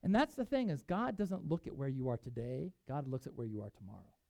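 A pastor preaching a sermon, telling a Bible story with animated delivery and reading scripture aloud. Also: medium pitch, fairly quick, creaky, dry recording, low-quality recording.

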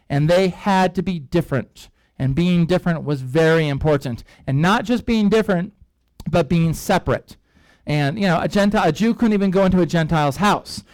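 High-voiced man teaching a lively sermon. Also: no echo, low-quality recording. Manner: lively storyteller, acts out characters' reactions; rambling with frequent fillers and asides. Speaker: pastor. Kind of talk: sermon-style Bible teaching.

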